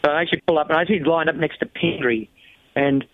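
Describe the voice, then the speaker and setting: Racing-champ guest, male, slightly high voice, lively anecdote teller, tinny phone-like dry sound. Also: very fast, no room sound. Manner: animated, acts out quoted voices, frequent fillers. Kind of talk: casual storytelling interview.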